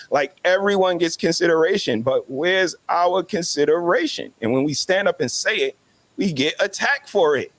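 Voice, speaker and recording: A man's voice: on the high side, lively intonation, fairly quick, dry recording. A man, making emphatic, preachy points as a guest in a casual podcast discussion. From New York City.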